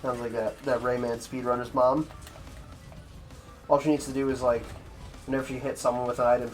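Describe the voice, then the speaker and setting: Guy streaming a speedrun, rambly and swearing, mid pitch, faint music behind. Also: level tone, brisk, pauses often. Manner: profane, rambling, offhand. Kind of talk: casual chat with stream viewers while gaming.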